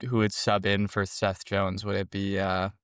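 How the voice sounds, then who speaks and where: Young male co-host, smooth lowish voice, easygoing manner. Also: completely flat delivery, normal speed, fairly bright tone, no echo, studio quality. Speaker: podcast co-host. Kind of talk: casual sports chat.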